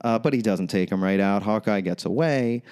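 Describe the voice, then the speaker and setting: A man's voice: lowish voice, moderate pace, darkish tone, clear, resonant tone. A man co-hosting a podcast, chatting casually about a TV episode, rambling and swearing a lot, laughing often. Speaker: podcast co-host. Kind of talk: casual chat recapping a TV episode.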